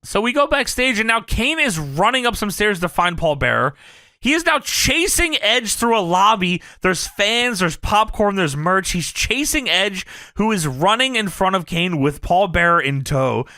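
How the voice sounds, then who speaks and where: Bright lively guy recapping a show on a podcast, swears a lot, dry close mic. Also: sits high, normal speed, no echo. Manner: animated storytelling, lots of swearing and laughing. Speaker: podcast co-host. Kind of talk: casual chat, recapping a show.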